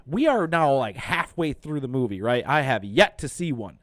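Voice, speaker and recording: A man talks through a movie plot in a loose, unscripted way, growing incredulous and swearing as he goes. He acts out the characters' lines in quick snatches. His voice sits at an ordinary middle pitch and sounds close and dry, with no room around it. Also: dry recording. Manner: animated, profane, incredulous retelling with quoted lines. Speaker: movie reviewer. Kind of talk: casual movie recap.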